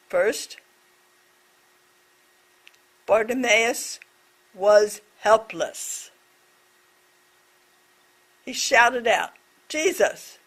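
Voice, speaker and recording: A woman voicing a deaf presenter's signed reflection on a scripture story, speaking in short, measured phrases. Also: a little high, a bit bright, breathy edge.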